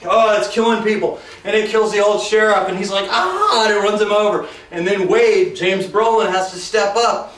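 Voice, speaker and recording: High-voiced man rambling in an echoey room. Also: fairly even intonation, normal speed. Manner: jokey, sarcastic, digressive, mimics characters. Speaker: movie reviewer. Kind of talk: rambling casual movie review. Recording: roomy echo, mic far off.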